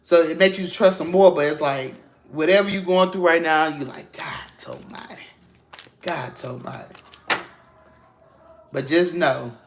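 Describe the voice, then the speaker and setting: A man's voice: fairly high pitch, normal speed, noisy background. A man giving a casual spiritual tarot reading to his viewers. He is emphatic and preachy, curses freely and calls them "baby" and "y'all". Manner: emphatic, preachy and encouraging, with cursing slang. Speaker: tarot reader.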